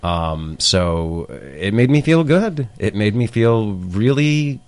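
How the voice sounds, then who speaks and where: A man, a guest on the show, speaking in a soft-spoken, hesitant way with halting restarts. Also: fairly low pitch, lively intonation. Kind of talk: casual chat.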